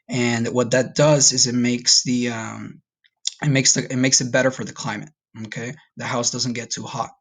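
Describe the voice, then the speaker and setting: Spanish teacher checking in with "okay?". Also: male voice, mid-range voice, little pitch movement, normal speed, fairly bright tone. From United States. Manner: friendly, checks in with frequent "okay?". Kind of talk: recorded classroom lesson.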